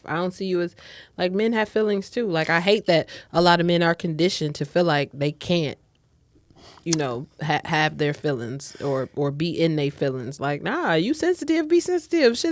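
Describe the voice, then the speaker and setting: A woman's voice: lowish voice, no echo. A young woman co-hosting a casual chat show, candid and blunt, telling stories with animation. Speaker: podcast co-host.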